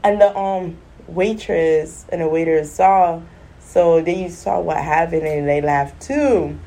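A woman tells a funny everyday story in a relaxed vlog, animated and quick to act out the voices of others. Her voice sits somewhat low, with a warm, mellow tone. She breaks into laughter often.

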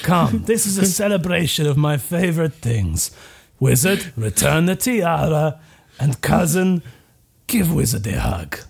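Man voicing a blunt warrior groom in a tabletop game; measured, formal speeches, some vocal fry, lively pitch. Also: full character voice. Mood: grandly formal.

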